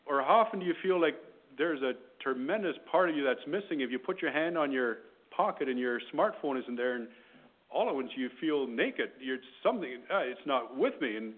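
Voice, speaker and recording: A man preaching a sermon with passion, swinging between loud, rising appeals and quiet, pointed questions. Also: medium pitch, expressive, normal speed. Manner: impassioned, rising loud then dropping quiet. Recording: tinny phone-line sound.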